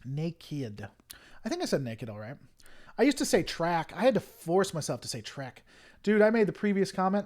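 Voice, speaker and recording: A young man with a Southern US accent, from Tennessee, hosts a casual livestream in a somewhat high, slightly mellow voice, replying to viewers. He rambles along with many fillers and restarts, heated at first and later apologetic.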